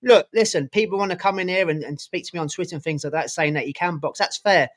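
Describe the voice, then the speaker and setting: Fast-talking opinionated man. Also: on the high side. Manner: opinionated, swears casually. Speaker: podcast co-host. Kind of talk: casual sports chat.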